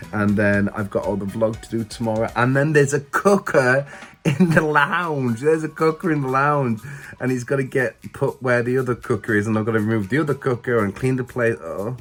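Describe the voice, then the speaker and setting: A man's voice: fairly low pitch, rough recording. A middle-aged man vlogging casually while unwell and weak, chatty and sorry for himself. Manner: chatty, self-pitying. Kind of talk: casual vlog chat. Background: background music.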